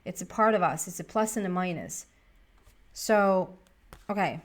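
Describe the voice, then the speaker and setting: A woman's voice: lowish voice, measured pace. A woman giving a casual tarot reading to her viewers, chatty and thinking aloud as she talks to the cards. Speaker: tarot reader.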